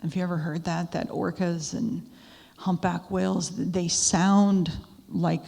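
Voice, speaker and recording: A woman's voice: lowish voice, little pitch movement, slow pace, creaky, dark tone. A woman giving a talk to a live audience, telling stories in a conversational way with asides to the listeners. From Canada. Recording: echoey hall with long reverb.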